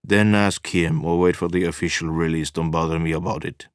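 A man reading an audiobook, voicing a weary, cynical man who speaks flatly and remotely. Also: sits low, a little fast, smooth, dry recording, studio quality, natural voice. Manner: tired, flat and remote.

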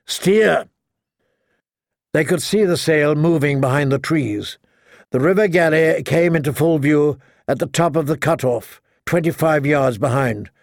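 A man narrating a story as an audiobook reader, in a steady, measured reading style. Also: a little high, no echo, clean studio sound. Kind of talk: scripted narration.

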